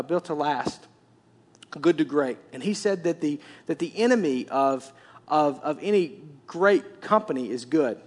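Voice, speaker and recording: A man pastor preaching a sermon, telling the story in an animated way with repetitive, emphatic phrasing. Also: fairly high pitch.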